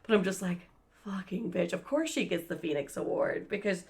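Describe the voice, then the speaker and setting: Profane woman telling a story, gravelly. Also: fairly low pitch, normal speed. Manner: profane, animated, acts out quoted voices. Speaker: podcast co-host. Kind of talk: casual storytelling chat.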